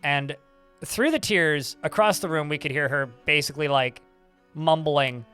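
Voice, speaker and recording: Bright, chatty male streamer. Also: on the high side, normal speed, smooth, faint music behind. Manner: rambling, chatty, swears casually, frequent restarts. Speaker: game streamer. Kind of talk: casual live-stream storytelling.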